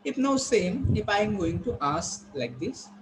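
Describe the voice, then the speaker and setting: Brief: a man playing an lecturer, higher voice, unhurried, repeats points, faint background noise. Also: sing-song, low-quality recording. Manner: slow, repetitive explaining with frequent pauses. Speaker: teacher. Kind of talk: online classroom lecture.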